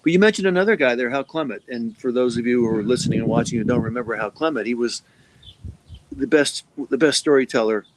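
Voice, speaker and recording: A man's voice: medium pitch, fast, a little hiss or hum. A man co-hosting a sports talk show, easygoing and chatty, adding short affirmations and background to his partner's stories. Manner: brief affirmations, easygoing, laughs along. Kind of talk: casual chat.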